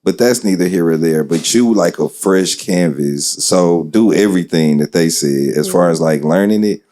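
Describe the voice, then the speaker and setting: Deep, mellow-voiced Texan man, laid-back. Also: normal speed. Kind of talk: casual live feedback. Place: live poetry event venue.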